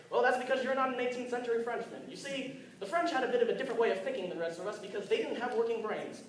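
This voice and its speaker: Nervous teen comic in an echoey hall. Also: male voice, very high-pitched, very fast, hardly any pauses, slight background noise. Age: teens. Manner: nervous, self-deprecating, stumbling. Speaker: student comedian. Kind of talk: stand-up monologue at open mic. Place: school hall with audience. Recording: echoey hall from far off, crowd.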